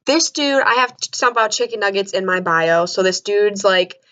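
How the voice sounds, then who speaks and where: A young adult woman telling stories to camera in a casual, animated way, jumping up to high shrieks of disbelief. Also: a little fast. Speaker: vlogger. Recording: dull lo-fi sound.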